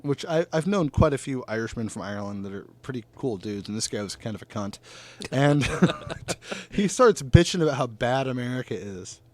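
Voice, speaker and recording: Animated, swearing podcast host guy. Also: mid-range voice, normal speed, no echo. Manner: profane, laughs often, animated storyteller. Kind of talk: casual chat. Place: northern California.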